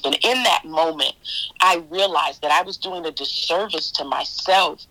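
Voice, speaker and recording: A woman guest minister telling her faith testimony in an interview, animated and storytelling, often repeating her own words in quotes. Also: low voice, moderate pace, low-quality recording.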